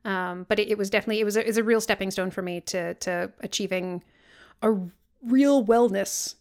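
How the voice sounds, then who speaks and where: A woman's voice: mid-range voice, a little fast, darkish tone. A woman co-hosting a podcast, talking earnestly and casually with frequent fillers. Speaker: podcast co-host. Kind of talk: casual chat.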